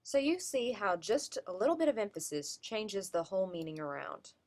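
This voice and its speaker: A woman's voice: medium pitch, very animated, normal speed, a little mellow. A woman giving a class presentation on vocal delivery, explaining and demonstrating word emphasis. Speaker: student presenter.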